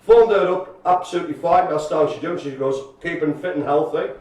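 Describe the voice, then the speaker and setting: A man's voice: on the high side, brisk. Jokey man, echoey distant mic. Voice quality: chatty, jokey, animated storytelling. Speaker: co-host. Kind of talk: casual live-stream chat. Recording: echoey room, far from mic.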